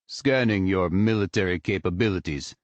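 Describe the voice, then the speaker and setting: Man playing a gruff, stiff alien lieutenant. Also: deep voice, moderate pace, dry recording, natural voice. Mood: stern. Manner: gruff, formal.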